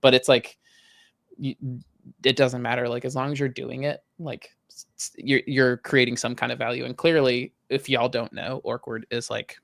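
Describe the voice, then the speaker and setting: Animated, chatty man on a podcast. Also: medium pitch, moderate pace, gravelly, no echo, studio quality. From Southern US. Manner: animated storyteller, many "like" fillers. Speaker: podcast co-host. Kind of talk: casual chat.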